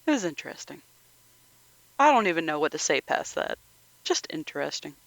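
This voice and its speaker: A podcast co-host in casual chat who retells scenes with animated energy and acts out the lines in voices. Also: mid-range voice, brisk, vocal fry, dry recording, poor audio.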